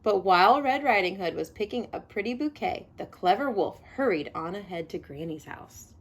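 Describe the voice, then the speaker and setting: Expressive woman reading a picture book aloud. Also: mid-range voice, moderate pace. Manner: expressive, adds chatty asides to kids. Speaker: read-aloud storyteller.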